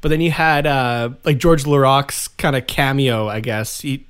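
A young man co-hosting a podcast, chatting casually and retelling scenes with animated laughs. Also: medium pitch, normal speed, clean tone. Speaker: podcast co-host. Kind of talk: casual chat.

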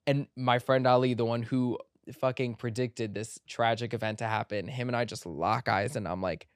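A man hosting his own show, telling a long, tangent-filled story in a casual, animated and profane way, often slipping into a high voice to quote people. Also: moderate pace, clean tone, dry recording, clean studio sound. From Egyptian family background. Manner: animated, breaks into high mimicking voices when quoting people. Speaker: podcast host.

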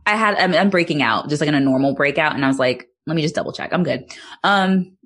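A woman's voice: sits low, quick pace, fairly bright tone. A woman co-hosting a podcast, recapping a film in loose casual chat full of "like"s and the odd swear word. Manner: chatty, many "like"s, swearing, laughs easily. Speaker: podcast co-host.

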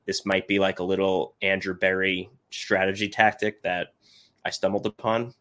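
A man's voice: low voice, level tone, moderate pace, sharp tone. A man appearing as a podcast guest, explaining his player analysis in chatty detail during a casual sports conversation.

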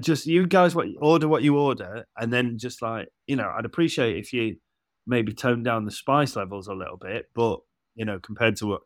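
A man's voice: lowish voice, no echo, studio quality. A man in his forties from England, chatting casually on a podcast and acting out the dialogue of his stories. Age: 40s. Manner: chatty storyteller, laughs and acts out dialogue. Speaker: podcast co-host.

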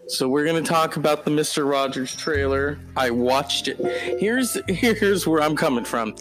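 A man hosting a casual solo podcast, talking in an animated, digressive way with mock-dramatic outbursts. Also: a little high, moderate pace, soft background music. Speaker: podcast host.

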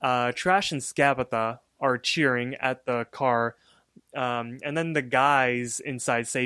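A man co-hosting a podcast talks through a cartoon episode in a loose, filler-heavy way. His voice sits in a middle pitch and the recording is dry and close. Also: takes it slowly, smooth, no room sound. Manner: relaxed, filler-heavy storytelling. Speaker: podcast co-host. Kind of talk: casual episode recap.

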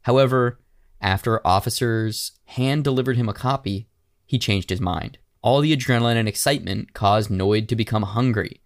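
A man co-hosting a casual podcast, recounting a strange crime story. He breaks into loud, animated, profane impressions of the people in it. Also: medium pitch, normal speed. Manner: animated storytelling, acting out shouted quotes with profanity. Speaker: podcast co-host.

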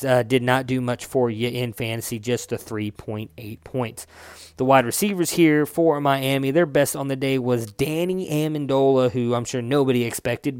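Smooth-voiced casual fantasy football man. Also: mid-range voice, a little mellow, no room sound, clean studio sound. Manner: loose and chatty, swears, corrects himself. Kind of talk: casual solo recap.

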